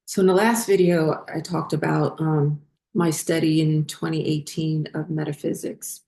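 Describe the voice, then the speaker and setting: A woman hosting a spiritual vlog, talking unhurriedly with many fillers as she glances at her notes, her voice getting hoarse. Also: sits low, little pitch movement, normal speed, dark tone. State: losing her voice. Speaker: spiritual channel host.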